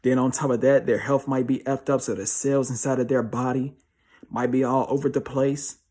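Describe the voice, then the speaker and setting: Young male motivational speaker, husky voice, street slang, hammers points with repetition. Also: mid-range voice, steady tone, moderate pace, darkish tone. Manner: slangy, emphatic, repeats himself. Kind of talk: motivational monologue.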